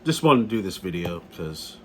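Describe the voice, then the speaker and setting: Blunt middle-aged male vlogger, low voice, profane and repetitive, faint background hiss. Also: very animated, moderate pace. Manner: blunt, profane, repeats himself. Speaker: gun vlogger. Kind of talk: casual ranting vlog.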